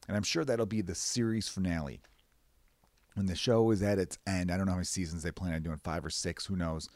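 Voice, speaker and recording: A man hosting a podcast, rambling casually and profanely, short of breath and jumping into high mock voices. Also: fast, creaky, dry recording. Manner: profane, rambling, animated bursts into high-pitched mimicry. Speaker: podcast host. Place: away from his usual recording space.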